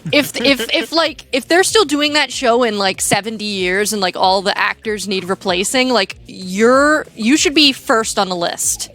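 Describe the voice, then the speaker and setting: A woman's voice: fairly high pitch, measured pace, hardly any pauses, a bit bright. A young woman streaming a game, chatting casually in a rambling, giggly way with lots of filler words. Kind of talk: casual chat while gaming.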